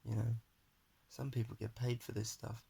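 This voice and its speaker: Gravelly young man rambling. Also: medium pitch, little pitch movement, moderate pace, dark tone. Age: young adult. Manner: earnest, rambling, self-motivating pep talk. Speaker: vlogger. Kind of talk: rambling personal monologue to camera. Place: his flat at home, indoors. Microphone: phone camera held in front of face.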